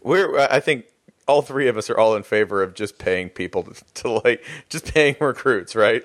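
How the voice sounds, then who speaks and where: Male podcast host, lively swinging pitch, laughs a lot, casual chat, mid-range voice. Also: normal speed. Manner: animated, laughs often, slips into goofy voices.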